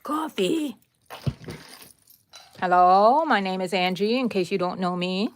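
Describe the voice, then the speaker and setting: A woman's voice: mid-range voice, normal speed, clear, resonant tone. A woman with a Texan accent hosting a live crochet tutorial, chatting casually and directly with her viewers with rambling asides. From Texas, USA. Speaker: crochet livestream host.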